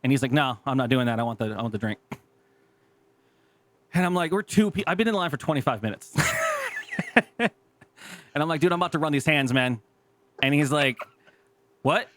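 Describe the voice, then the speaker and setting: A man on a podcast telling a story in casual chat, animated and profane, acting out the people in it. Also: on the high side, normal speed, long pauses. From California. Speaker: podcast co-host.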